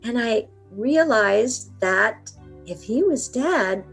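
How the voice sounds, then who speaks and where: A woman's voice: on the high side, animated, slow pace, gravelly, husky, faint music behind. Earnest woman telling a vivid story. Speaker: interview guest. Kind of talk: storytelling in an interview.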